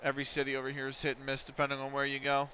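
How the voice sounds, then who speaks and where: Speaking at a racing clip with a completely flat, sharp delivery, this medium-pitched man plays a football management game on a live stream from the United States. He rambles in banter between action calls, over slight background noise and dull lo-fi audio.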